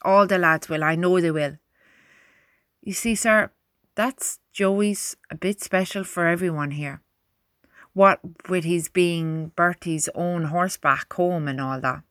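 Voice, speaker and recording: Earnest young soldier, woman doing it, higher pitch, respectful. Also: takes it slowly, a bit bright, smooth, no echo, studio quality. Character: earnest young male private, respectful and eager.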